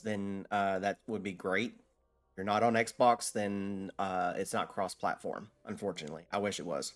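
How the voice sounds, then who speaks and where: A man with a fairly low voice chats casually while streaming a game. He rambles, restarts sentences and fills pauses with "um" as he answers his viewers. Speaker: gaming streamer. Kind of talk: casual live-stream chat while gaming.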